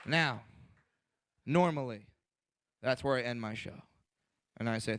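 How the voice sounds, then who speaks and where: Recorded with clean studio sound and no room sound, a man does live stand-up in a clear, resonant voice at a moderate pace with long pauses. Brash and profane, he teases the audience, lands loud punchlines, and imitates others in higher voices.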